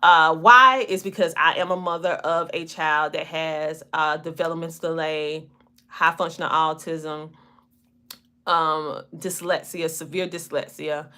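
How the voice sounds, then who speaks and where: Bright-voiced Southern woman in her forties. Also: deep voice, fairly even intonation. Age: 40s. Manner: drawn-out, looping country twang with laughs. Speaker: podcast host and coach. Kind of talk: casual livestream talk to viewers.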